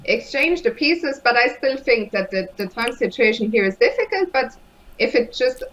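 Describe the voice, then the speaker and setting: A woman's voice: on the high side, sing-song, moderate pace, a bit bright, poor audio. A woman co-hosting live chess commentary, chatty and self-deprecating. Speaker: co-host, chess streamer.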